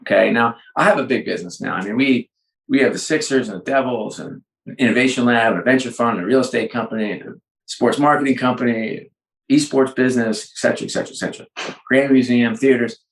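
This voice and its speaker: A middle-aged man talks through an interview over a call and lively acts out the dialogue in his stories. His voice sits at an ordinary pitch. The room around him gives the sound a noticeable echo. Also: quick pace, gravelly. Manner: animated storyteller, acts out dialogue. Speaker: sports executive guest. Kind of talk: conversational interview. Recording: roomy echo.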